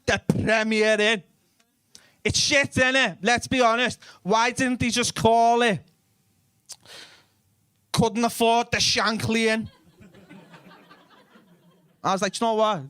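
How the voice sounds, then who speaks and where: Sweary Liverpool comic working the crowd. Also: male voice, extremely high pitch, fairly even intonation, takes it slowly, pauses often, sharp tone, clear, resonant tone, dry recording. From Liverpool, England. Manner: blunt, sweary, chatty with the audience. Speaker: stand-up comedian. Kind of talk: live stand-up comedy with crowd work.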